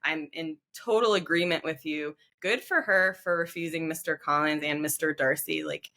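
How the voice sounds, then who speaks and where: A woman co-host in casual chat, with a lower-pitched but bright voice. She talks in an earnest, opinionated way and throws in emphatic asides. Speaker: podcast co-host.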